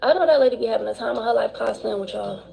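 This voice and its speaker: Brief: woman with gravelly fry, fairly high voice, blunt and mocking. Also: racing, warm tone. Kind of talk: casual commentary.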